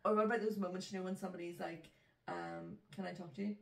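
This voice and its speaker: A woman's voice: lowish voice, fairly even intonation, quick pace, creaky. A Northern Irish woman co-hosting a casual podcast chat, jokey and playful, often breaking into laughter. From Northern Ireland. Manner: giggly, jokey, playful wordplay. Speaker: podcast co-host. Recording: echoey room, distant mic.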